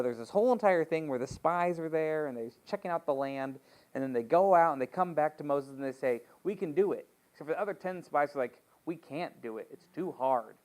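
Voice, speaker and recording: A man's voice: on the high side, darkish tone, smooth. A man leading a Bible study as pastor, reading scripture and retelling the story in a joking, conversational way with playful asides.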